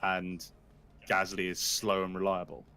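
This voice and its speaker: A man, a guest on a casual live-stream chat, teasing and quick with a quip. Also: deep voice, monotone, bright, forceful tone, smooth. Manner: teasing, laughs often, quick quips.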